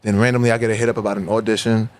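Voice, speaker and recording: Animated New man telling stories. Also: lowish voice, rapid-fire, a little hiss or hum. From New York. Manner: animated storyteller who acts out dialogue. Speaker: rapper guest. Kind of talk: casual interview storytelling.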